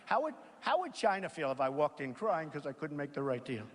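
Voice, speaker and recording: A man addresses a crowd at a campaign rally. His voice sits a touch high and swings up and down in lively bursts as he rambles and boasts, repeating his points. The sound carries the long echo of a large hall. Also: brisk. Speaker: political candidate. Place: large hall at a college event. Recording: echoey reverb of a large hall.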